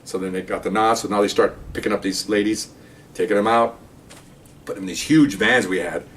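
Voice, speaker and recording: A man's voice: on the low side, fairly quick, far from the mic, a little hiss or hum. An older man, a retired police officer, casually telling a story to camera and acting out the voices of the people in it. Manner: animated, acts out voices in quotes.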